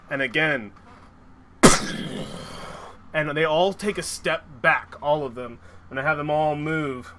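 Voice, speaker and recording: A man running a tabletop game as game master, narrating slowly and haltingly with frequent restarts. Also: a little high, noisy background.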